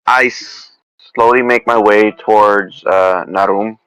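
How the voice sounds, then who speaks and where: A man's voice: fairly low pitch, steady tone, slow pace, a bit bright, clear, resonant tone, dry recording, low-quality recording. A man playing in a tabletop role-playing game, hesitant and casual, with frequent restarts and casual swearing. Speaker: player.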